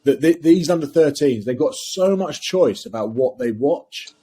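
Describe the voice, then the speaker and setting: Male co-host; husky, warm tone, halting delivery. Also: a little high, animated. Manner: thoughtful, hesitant, many fillers. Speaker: podcast co-host. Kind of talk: casual podcast interview.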